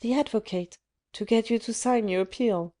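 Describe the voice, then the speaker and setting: A lady reader doing a haughty young noblewoman, voice jumped up high and sharp, bossy and demanding, audiobook style. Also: normal speed, lightly acted. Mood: urgent. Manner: imperious, indignant questioning. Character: proud young aristocratic woman, imperious and furious.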